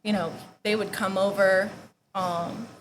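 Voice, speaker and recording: Young woman, personal testimony, emotional storytelling, casual filler-heavy talk, mid pitch, faint background noise. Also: fairly even intonation, a little slow, low-quality recording. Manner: conversational, heavy use of "like", drops to near-whispers at painful moments. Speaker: guest giving a testimony.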